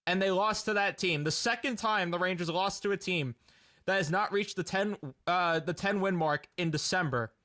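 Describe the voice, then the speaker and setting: A man's voice: sits high, sharp tone. A young man ranting in a casual fan reaction video, exasperated and laughing in disbelief.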